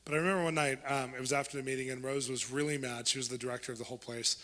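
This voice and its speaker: A man with a bright, forceful voice preaches in an animated way, slipping into the voices of the people in his stories. His voice carries a long, ringing reverb from the hall he speaks in. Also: mid-range voice, very fast. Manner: animated, acts out quoted voices. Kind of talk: sermon with storytelling.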